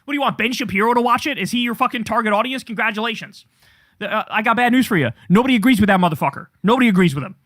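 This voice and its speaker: A man's voice: sits high, rapid-fire, fairly bright tone, no room sound, studio quality. A man hosting political commentary, reading quoted posts aloud and reacting with angry, profane, sarcastic ranting.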